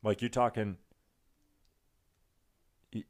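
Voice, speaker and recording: A man's voice: fairly low pitch, flat delivery, slow. A young man in casual, crude podcast chat who rambles and tells stories.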